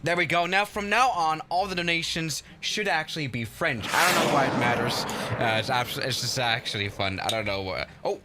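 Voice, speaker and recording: A man chatting casually on a live stream while playing a flight simulator, excitable and often stumbling and restarting his sentences. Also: on the high side, normal speed, hardly any pauses, noisy background.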